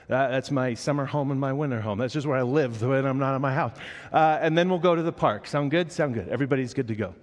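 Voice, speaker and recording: Man preaching in a reverberant hall. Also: a little fast. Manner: animated storytelling, acting out the children's lines in a higher voice. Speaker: pastor. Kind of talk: sermon with a personal story. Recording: long reverb of a large hall.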